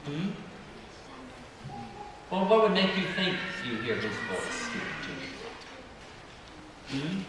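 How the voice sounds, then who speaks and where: In a church sanctuary, a priest delivers a children's sermon slowly, pausing often, his pitch rising and falling in a lively way as he asks gentle questions and waits for the children's answers. A distant room mic picks up a long, echoing reverb and background noise from the hall.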